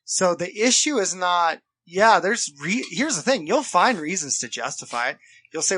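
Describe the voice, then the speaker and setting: A man's voice: high voice, big pitch swings, breathy edge. A man co-hosting a casual podcast, talking earnestly about his own experience and acting out the people he quotes. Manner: earnest, acts out quoted people, fast shifts in loudness. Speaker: podcast co-host.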